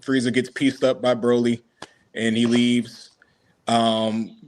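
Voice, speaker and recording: A man co-hosting a casual podcast, telling a long imagined story with quick voiced asides for the characters. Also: medium pitch, little pitch movement, darkish tone. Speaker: podcast co-host.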